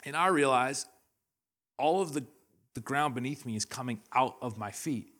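In a church hall, a young Canadian pastor delivers a sermon full of lively storytelling, laughter and quotes he acts out. He speaks at a medium pitch and normal speed, with a slightly bright sound.

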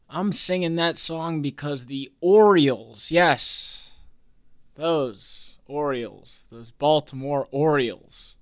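A man's voice: a little high, slow. A man hosting a casual sports podcast, talking in a playful, jokey way and hyped about his team. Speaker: podcast host.

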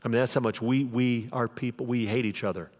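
A man's voice: medium pitch, steady tone, a little fast, darkish tone. A man preaching a sermon as pastor, in a conversational way, acting out the quoted voices of the people in his stories. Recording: long hall reverb.

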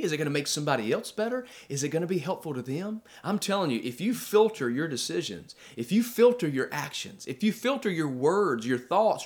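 A man preaching a sermon as pastor to his church, firing off rhetorical questions, slowing down to stress key phrases, and telling personal stories. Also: fairly high pitch. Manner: conversational asides and personal stories.

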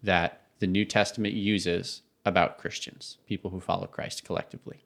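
A man's voice: low-pitched, flat delivery, moderate pace, gravelly, fairly bright tone. A man co-hosting a casual podcast, explaining ideas and laughing easily. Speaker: podcast co-host.

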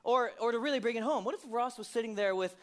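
Male pastor, sermon, high voice, conversational, rhetorical questions. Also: fast, fairly bright tone. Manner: conversational, asks many rhetorical questions, laughs often.

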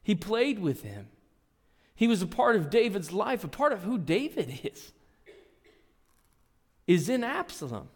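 A pastor preaching a sermon, telling a story earnestly and reading scripture aloud. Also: male voice, sits high. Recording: long reverb in a large hall.

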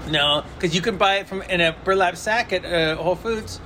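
A man's voice: high voice, brisk, bright, forceful tone, slight background noise. A man casually chatting as a podcast co-host, playful and argumentative, laughing often. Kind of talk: casual chat.

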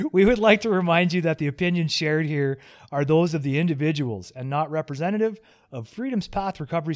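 Guy hosting a chill podcast, kinda high voice, rambly and jokey. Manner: joking, rambling, self-deprecating. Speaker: podcast host. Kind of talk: casual podcast chat.

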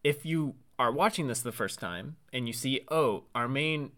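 A man's voice: medium pitch, normal speed, a bit bright. A man co-hosting a casual film podcast, explaining details in a chatty way with frequent fillers. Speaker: podcast co-host.

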